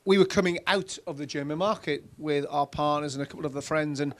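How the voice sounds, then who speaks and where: Middle-aged Geordie man, keynote speaker; chatty storyteller, voice a touch high. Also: quick pace. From Newcastle, England. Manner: chatty, animated anecdotes with many fillers. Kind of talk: conference stage Q&A, storytelling.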